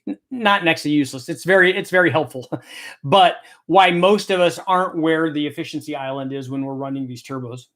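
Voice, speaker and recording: A man in middle age talks through engine questions from viewers in an easygoing, explanatory way. His voice sits a little high for a man. He often pauses to restart a thought mid-sentence. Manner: relaxed, explanatory, thinks aloud with restarts. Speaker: host answering viewer questions. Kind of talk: casual technical Q&A chat.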